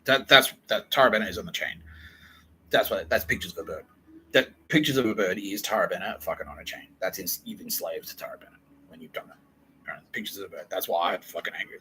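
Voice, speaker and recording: A young man hosting a podcast, rambling through a profane, excitable solo monologue that jumps from idea to idea. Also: fairly low pitch, slight background noise, poor audio. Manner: profane, excitable, fast-shifting and digressive. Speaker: podcast host.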